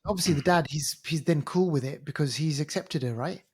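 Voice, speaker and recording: A man's voice: fairly high pitch, a little fast, a little mellow, breathy edge. A man co-hosting a film podcast who reacts with short exclamations and asks follow-up questions in a casual chat. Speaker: podcast co-host.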